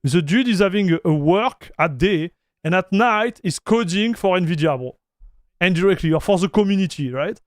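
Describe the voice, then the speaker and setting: A man, hosting a casual livestream chat, animated and stammering, calling his viewers bro and dude. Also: high-pitched, moderate pace, no room sound, clean studio sound. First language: French. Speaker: livestream host.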